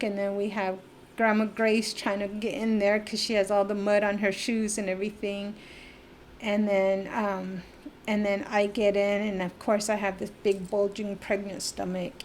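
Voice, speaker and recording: A middle-aged woman from the Navajo Nation area of the US Southwest appears as a podcast guest, telling a personal story in a rambling way and acting out the voices of people she quotes. Her mid-range voice has a darkish tone and a little hiss or hum.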